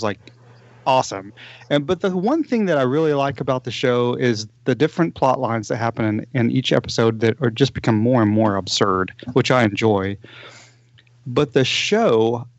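A man's voice: mid-range voice, dry recording, dull audio. Rambling man retelling a TV plot. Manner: rambling, animated storytelling with restarts. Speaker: podcast co-host. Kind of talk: casual chat, recommending a TV show.

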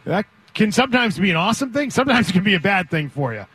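Husky-voiced male sports radio host. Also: sits high, fast, no echo. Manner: energetic, opinionated, leads the segment.

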